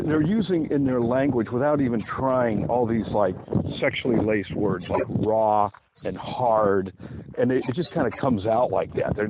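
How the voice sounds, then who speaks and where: A man reading and explaining his own dating-advice book, rambling in a chatty way with many asides. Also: medium pitch. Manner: chatty, digressive, lots of asides. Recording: tinny phone-like sound, faint hiss.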